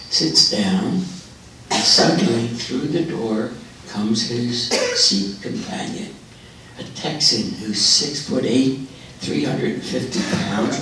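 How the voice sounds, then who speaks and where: A man telling jokes to a live audience, unhurried, louder on the punchlines. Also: medium pitch, a little hiss or hum. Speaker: joke teller. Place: forum hall. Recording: echoey hall, voice from far off.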